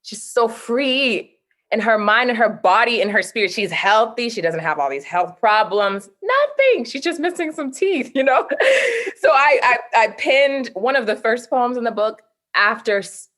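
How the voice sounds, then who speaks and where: A woman's voice: a little high, very animated, moderate pace, a bit bright. A woman guest, a poet and author, talking expressively in an interview, laughing often and reading her poetry.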